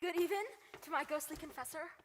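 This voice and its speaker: Juliet, very high eager girl played by a woman. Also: fast talker, a little hiss or hum, natural voice. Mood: eager, impatient. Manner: pleading, breathless urgency. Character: impatient young girl in love, eager. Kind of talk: Shakespeare stage reading. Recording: long reverb on live stream.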